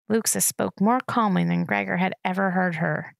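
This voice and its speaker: Gravelly woman reading a novel aloud. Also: mid-range voice, normal speed, hardly any pauses, no room sound, clean studio sound. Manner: steady narration. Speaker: reader.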